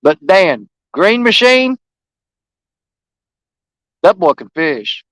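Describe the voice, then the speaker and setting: A man with a drawl talks to his viewers in a high, excitable voice, folksy and full of enthusiasm. He sits outdoors by a river, and his voice is picked up close and dry. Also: extremely slow, dry recording, low-quality recording. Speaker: fishing live streamer. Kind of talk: casual chat to viewers on a live stream.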